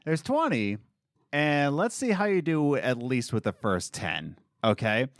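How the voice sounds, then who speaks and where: A man's voice: mid-range voice, unhurried, dry recording, studio quality. A man hosting a casual podcast, reading out quiz questions and joking with his guests. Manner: animated, laughing, quizzing a guest. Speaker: podcast host.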